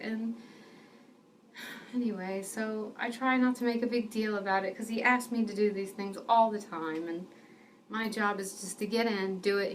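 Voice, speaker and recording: A woman's voice: mid-range voice, far from the mic, a little hiss or hum. Earnest woman telling a faith story. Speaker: ministry speaker. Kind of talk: personal faith testimony.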